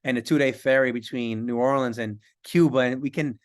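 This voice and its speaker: A man's voice: medium pitch, steady tone, a little fast. A man on a panel talking with enthusiasm, stacking up one example after another. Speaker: curriculum panelist. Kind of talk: panel discussion.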